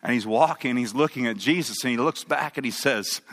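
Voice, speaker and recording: A man's voice: medium pitch, a little fast, few pauses, a bit bright. A male pastor preaching a sermon, emphatic and asking the audience questions. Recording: long hall reverb.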